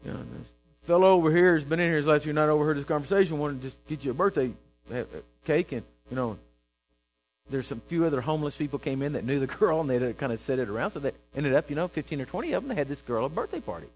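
A man preaching a sermon, telling a story and acting out its characters with bursts of loud emphasis. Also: fairly high pitch, expressive, quick pace, faint music behind, low-quality recording.

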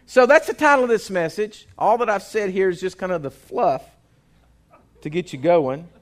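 A man's voice: high voice, normal speed. A man, a pastor preaching a sermon in a folksy, joking way with asides to the congregation. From Texas.

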